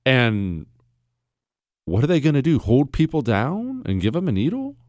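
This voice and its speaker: A man's voice: mid-range voice, normal speed, no echo, studio quality. A man hosting a talk radio show, telling stories in a blunt, sardonic monologue. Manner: animated storytelling, blunt and sardonic.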